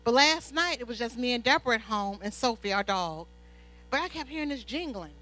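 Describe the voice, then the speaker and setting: A woman preaching a sermon with animated personal stories, often asking the congregation "Amen?". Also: a little high, fairly quick, poor audio. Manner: animated storytelling, call-and-response "Amen?". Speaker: pastor's wife preaching.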